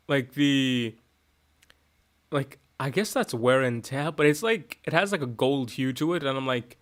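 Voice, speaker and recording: A man's voice: mid-range voice, unhurried. A man hosting a livestream, chatting casually, laid-back, joking and swearing, half asleep. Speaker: streamer host.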